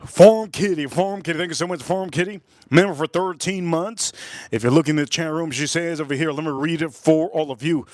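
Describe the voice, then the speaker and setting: A man's voice: on the high side, dry recording. A middle-aged man from Miami with a Miami accent, chatting casually on a livestream as he reviews whiskey, rambling and repeating his phrases. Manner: rambling, repetitive, drawn-out phrases.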